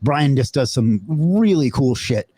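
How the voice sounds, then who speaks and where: A man's voice: mid-range voice, expressive, a little slow, dark tone, slightly rough, dry recording. A man hosting a live webinar in a loose, casual way, swearing now and then and using lots of fillers. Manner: loose and profane, with many fillers. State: out of breath.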